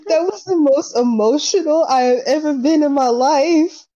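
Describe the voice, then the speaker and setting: Young woman, casual storyteller, mellow tone, slightly higher pitch, dull lo-fi sound. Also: normal speed, no room sound. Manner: animated storyteller, acts out quotes. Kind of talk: casual chat.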